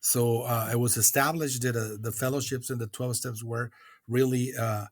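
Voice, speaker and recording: This is a middle-aged man from Mexico talking as a guest on a recovery podcast. His voice is husky and sits in an ordinary male range. He speaks earnestly and reflectively, often pausing on hesitant uh's and restarting his sentences, in a dry, close recording. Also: medium pitch, steady tone, dry recording.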